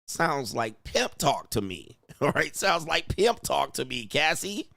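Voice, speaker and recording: A man's voice: fairly high pitch, big pitch swings, unhurried, creaky, bright, forceful tone, no echo, studio quality. A man hosting a reaction commentary, talking in a blunt, mocking and exclaiming way. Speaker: host.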